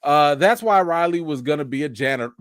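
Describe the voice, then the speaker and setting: Animated man chatting casually. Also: on the high side, smooth, dry recording. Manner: animated, joking, loose slangy talk. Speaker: TV show reaction host. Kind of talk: casual live-stream chat.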